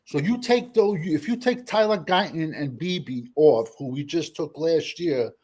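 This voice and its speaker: A slightly husky male voice pitched a bit high. He quizzes his co-hosts on a casual sports show and pushes his argument with figures. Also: unhurried, a little mellow. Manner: quizzing, pressing with numbers.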